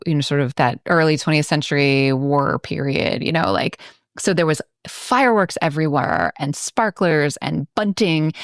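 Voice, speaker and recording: A woman's voice: deep voice, no echo, studio quality. A woman from Baltimore co-hosting a podcast, talking through a film in a chatty way with many asides. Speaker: podcast co-host. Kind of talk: casual film discussion.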